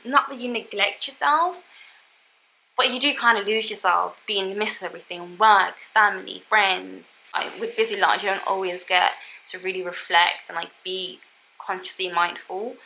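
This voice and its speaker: Bright-voiced young woman, chatty vlog. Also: mid-range voice, creaky, rough recording. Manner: chatty, says "you know what I mean" and "like" a lot. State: tearful, emotional. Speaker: travel vlogger. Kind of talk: casual reflective chat to camera.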